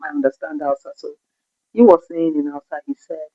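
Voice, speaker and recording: A Nigerian woman tells a personal story in a lively, expressive way. Her voice is fairly low and is heard dry and a little muffled, with no room sound. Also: fairly quick, no room sound. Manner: animated storytelling, acting out the voices of others. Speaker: vlogger. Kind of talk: storytime narration. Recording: dull, dry recording.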